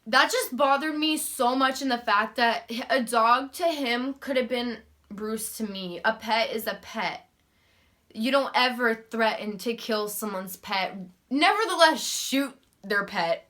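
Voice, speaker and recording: A young woman vlogger telling a story in a casual, animated, profane and sarcastic way. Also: a little high, a little slow.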